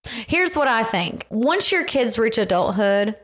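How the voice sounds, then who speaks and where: A woman's voice: a little high, sing-song, measured pace, fairly bright tone. Blunt, wry middle-aged woman host. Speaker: podcast host. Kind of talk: casual chat.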